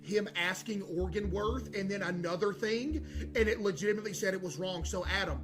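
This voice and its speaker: A man streaming a game, talking in loud, excitable, jokey bursts and suddenly yelling. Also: sits high, a little fast. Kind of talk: live gameplay commentary. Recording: game music playing behind.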